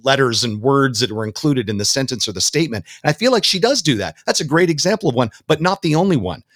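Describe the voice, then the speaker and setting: Middle-aged male podcast guest, eager and rambling, very lively pitch, dry mic. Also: quick pace, no room sound. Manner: enthusiastic, rambling. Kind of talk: casual music podcast chat.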